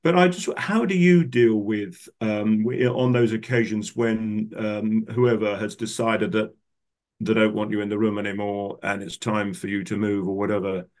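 A man's voice: on the low side, fairly even intonation, normal speed, a little mellow. An older man hosting a podcast, asking long, rambling questions and searching for his words. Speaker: podcast host, coach. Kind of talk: conversational interview questions.

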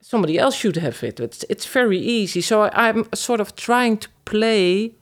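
A woman's voice: mid-range voice, animated, normal speed. A woman speaks as a guest in a casual podcast conversation. She is hesitant and searches for her words, often restarting her sentences as she thinks aloud.

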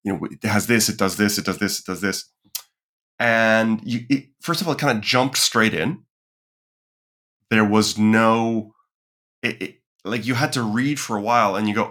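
Lively man with a low voice. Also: normal speed. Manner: animated, acts out quoted voices; frequent restarts and fillers while thinking aloud. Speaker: podcast guest, content strategist. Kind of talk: casual conversational interview.

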